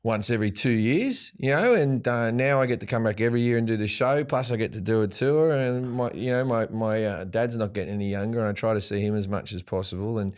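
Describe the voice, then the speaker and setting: A man's voice: fairly low pitch, brisk, few pauses, darkish tone. A male comedian with an Australian accent, telling loose, rambling anecdotes with frequent restarts while a guest in a podcast studio. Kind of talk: casual interview chat.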